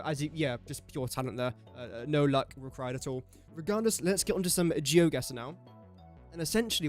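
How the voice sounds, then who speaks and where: Young English male streamer, fairly high voice, chatty and self-deprecating, soft music under him. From England. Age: young adult. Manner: chatty, self-mocking, mutters while guessing. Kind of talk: casual live-stream commentary.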